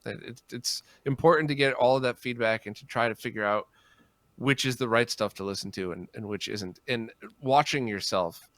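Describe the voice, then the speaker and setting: A man who is a musician, a guest in a casual podcast conversation, speaking reflectively and acting out quoted reactions with big jumps in pitch. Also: normal speed, fairly bright tone, no echo.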